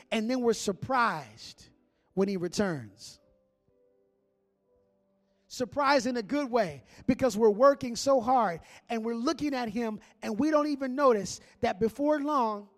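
Male pastor, high-pitched voice, animated sermon delivery with call-and-response. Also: unhurried, soft background music.

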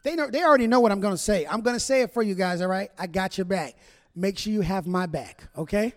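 Speaking fast in a high-pitched voice, a man preaches as a pastor, delivering a humorous sermon full of jokes and direct chat with his congregation. The recording has the long reverb of a large hall.

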